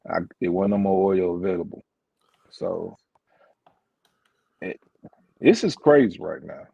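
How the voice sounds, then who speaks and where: A man's voice: low voice, expressive, a little slow, creaky, warm tone, breathy edge, dry recording. A man guesting on a sports talk show, laid-back and laughing in casual banter, over a dull remote line. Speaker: guest, former football player.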